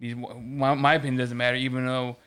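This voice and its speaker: A man's voice: mid-range voice, little pitch movement, brisk, fairly bright tone, clean tone. A man in casual chat, telling a long story about work with lots of restarts and swearing. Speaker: podcast co-host.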